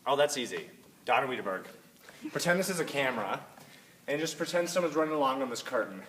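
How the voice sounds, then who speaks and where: A teenage boy, a high school runner, answering casually with hesitant, filler-heavy talk. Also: expressive, fast talker, a bit bright. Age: late teens. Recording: distant mic, faint hiss.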